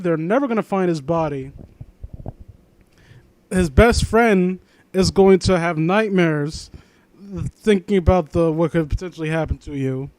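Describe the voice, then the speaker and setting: A man's voice: sits high, darkish tone, no room sound. A man hosting a mocking comedic reading of fan fiction, ranting sarcastically and swearing often. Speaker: host.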